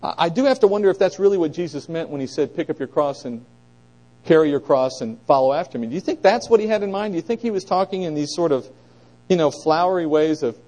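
A middle-aged man with a slightly high voice talks fast as he leads a conversational Bible lesson, heard on a rough recording. He asks his listeners questions and drives his points home with animated emphasis.

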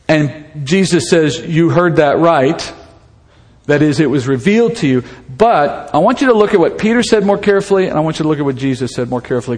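A man's voice: fairly high pitch, a little mellow. A man preaching a sermon in a conversational, storytelling way, asking rhetorical questions as he goes. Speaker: pastor. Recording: long reverb of a hall.

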